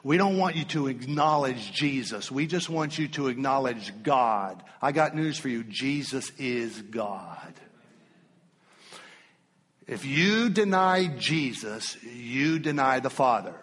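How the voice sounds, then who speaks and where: Animated husky male pastor preaching. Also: mid-range voice, unhurried, in a large hall. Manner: animated, emphatic, calls out to congregation. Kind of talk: sermon.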